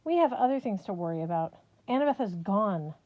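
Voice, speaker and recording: A woman voicing a tough, blunt teenage girl warrior who talks in a forceful way. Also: medium pitch, animated, a little fast, lo-fi sound, close to an everyday voice. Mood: snappish.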